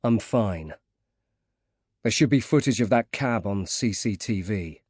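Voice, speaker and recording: A man's voice: on the low side, animated, measured pace, darkish tone, husky, dry recording, clean studio sound. A man voicing a bruised, stubborn male investigator who speaks tersely and insistently.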